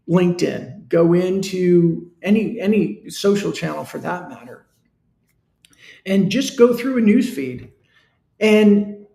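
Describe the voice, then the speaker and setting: A man's voice: high-pitched, creaky, mellow, roomy sound. A man hosting a live-stream business talk, speaking earnestly and conversationally in a coaching tone. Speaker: show host.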